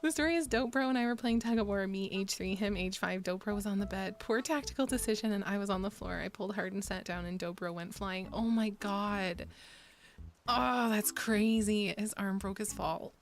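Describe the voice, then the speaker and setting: A woman's voice: mid-range voice, fairly quick, few pauses, faint music behind. A young woman streaming, chatting casually with viewers in a candid, profane way, gasping and laughing often. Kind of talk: casual chat reading viewer messages.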